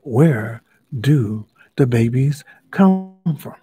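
A man's voice: medium pitch, expressive, extremely slow, mellow, slightly rough, dry recording, soft background music, exaggerated voice. A man voicing a firm, questioning male elephant in a children's storybook, pressing each word. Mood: puzzled. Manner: pointed, stresses each word.

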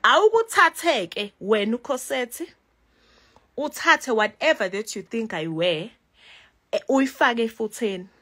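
A South African woman in her thirties venting in a casual vlog, animated and switching between languages mid-sentence. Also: on the high side, unhurried. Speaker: YouTuber.

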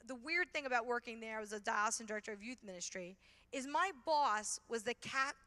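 Animated woman speaking in a reverberant hall. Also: a little high. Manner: animated, many fillers and restarts. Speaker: conference speaker. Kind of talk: storytelling conference talk.

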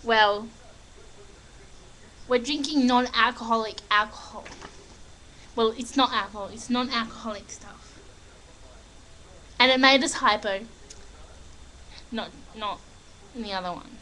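A woman's voice: on the high side, unhurried, long pauses, sharp tone, slight background noise, poor audio. A young Australian woman chatting casually on a home webcam in her living room, talking in a put-on American accent, rambling and giggly. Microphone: built-in webcam mic.

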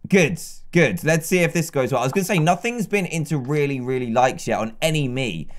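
A man giving chatty, excitable let's-play commentary and talking to the game characters. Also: on the high side, a little fast. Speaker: gaming YouTuber.

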